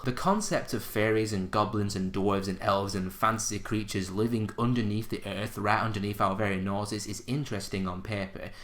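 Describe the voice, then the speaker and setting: A man's voice: fairly low pitch, a bit bright. A man giving a casual spoken movie review on his channel, blunt and unimpressed in a conversational way. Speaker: film reviewer.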